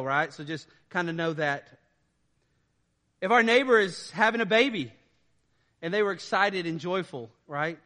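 A man preaching a sermon as pastor, conversational with "right?" asides, swinging between loud emphatic peaks and quiet low passages.

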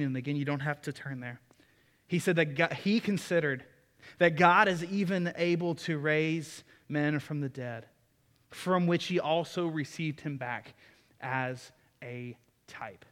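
A man's voice: on the high side, unhurried, fairly bright tone, big-room sound. A man preaching a sermon in a folksy, enthusiastic way, with asides to the congregation. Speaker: pastor.

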